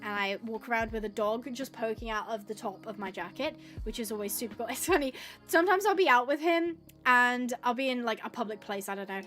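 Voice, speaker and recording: A woman with a high voice chats away on a live gaming stream, rambling from one story to the next. She laughs often and slips into little acted-out quotes. Faint game music plays softly underneath. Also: a little fast. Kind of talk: casual live-stream chatter while gaming.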